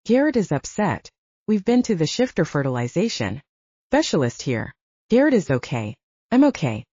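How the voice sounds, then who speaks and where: A woman's voice: low-pitched, very animated, normal speed, dark tone, husky, dry recording, muffled recording, full character voice. A woman narrator voicing a blunt, bubbly, teasing young woman as the best friend in an audiobook. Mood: coaxing.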